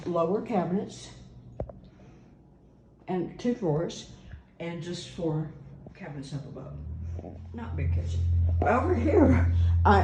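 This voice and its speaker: This female real estate agent has a lowish, warm voice, with a little hiss or hum in the audio. Touring an empty house in echoing rooms, she chats casually, sounding unsure and filling her spoken thoughts with fillers.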